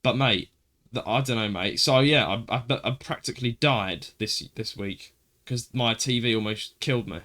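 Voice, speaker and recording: A man co-hosting a casual podcast, telling a story in an animated way and calling his friend "mate.". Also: medium pitch, moderate pace. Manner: animated storytelling, swearing, says "mate" a lot. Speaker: podcast co-host. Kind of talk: casual chat.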